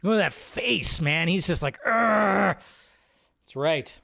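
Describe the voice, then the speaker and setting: A man hosting a live stream, reacting to a movie trailer in an excitable, rambling way and swearing freely. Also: fairly high pitch, takes it slowly, vocal fry. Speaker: host. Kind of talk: casual live-stream commentary.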